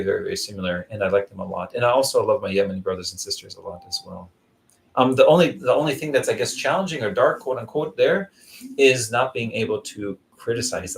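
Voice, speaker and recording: A man's voice: on the low side, creaky, a little hiss or hum, poor audio. A man chatting casually on a live vlog stream, rambling through stories and answering viewers by name. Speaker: vlogger doing a live stream. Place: Zamboanga City.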